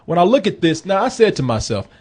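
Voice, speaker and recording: A man hosting a movie review podcast, talking in an animated, joking, profane casual chat. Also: sits high, quick pace.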